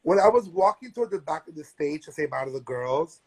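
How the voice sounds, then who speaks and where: A young man chatting casually on a phone live stream and telling a story in animated, slangy talk. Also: a little high, fairly quick, vocal fry, breathy edge. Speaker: drag performer hosting a live stream.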